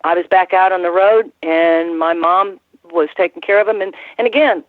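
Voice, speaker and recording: Heard over a tinny phone call with no echo, a woman in her sixties with a lowish voice speaks at normal speed. She once worked as a wrestling ring announcer and now tells rambling interview stories, restarting often and laughing.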